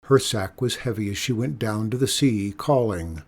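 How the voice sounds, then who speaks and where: A man reading a children's storybook aloud with expressive, emphatic delivery. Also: lowish voice, moderate pace.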